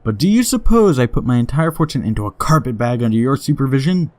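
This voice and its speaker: A man playing a story game, reading its text aloud and chuckling, then dropping quick casual asides. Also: medium pitch, lively intonation, darkish tone. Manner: giggly, laughs often while reading; reads story passages slowly, then mutters quick asides. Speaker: let's play gamer.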